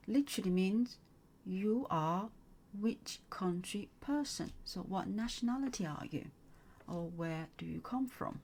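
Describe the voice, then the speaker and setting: A woman teaching a beginners' lesson, speaking slowly and patiently and repeating each phrase for the learner. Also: medium pitch, expressive, a little mellow. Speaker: Chinese tutor. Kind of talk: slow, clear language lesson.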